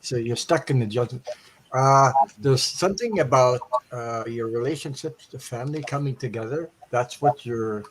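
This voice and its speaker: A man from Quebec co-hosting a live tarot stream, talking hesitantly with many pauses and restarts. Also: mid-range voice. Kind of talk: live-stream casual chat.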